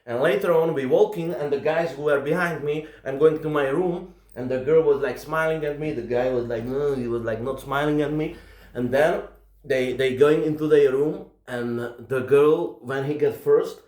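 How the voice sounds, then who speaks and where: A man's voice: a little high, moderate pace, a little mellow, echoey room. A man with a Russian accent doing stand-up, telling rambling, profane stories in broken English. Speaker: stand-up comedian. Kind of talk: stand-up storytelling.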